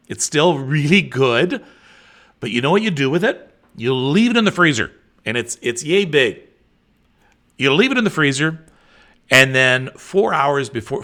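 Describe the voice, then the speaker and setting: Host: middle-aged man, lively swinging delivery, casual live-stream chat, reads comments aloud. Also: fairly high pitch. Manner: animated, chatty, with frequent fillers.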